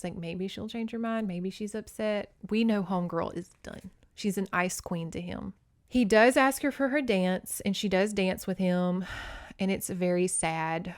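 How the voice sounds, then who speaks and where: A woman's voice: lowish voice, clean tone, dry recording, studio quality. A woman hosting a podcast, recapping a book in casual, candid talk with plenty of swearing, and acting out the characters as she goes. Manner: candid and profane, with frequent swearing; animated storyteller who acts out the characters' lines. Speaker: podcast host.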